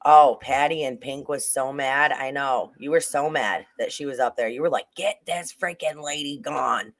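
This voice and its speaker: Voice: mid-range voice, fairly even intonation, normal speed. A livestream host giving casual true-crime commentary, rambling with frequent restarts and asides to the chat.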